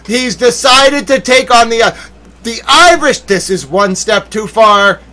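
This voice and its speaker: Male streamer, high voice, hammy mock-outrage rant, loud then muttered. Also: unhurried. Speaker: livestream commentator.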